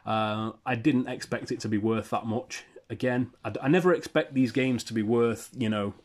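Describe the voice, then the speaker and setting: A man's voice: mid-range voice, steady tone, normal speed. A man in his thirties from the UK, casually rambling through a sales roundup for his channel with self-deprecating asides. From United Kingdom. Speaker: eBay reseller vlogger.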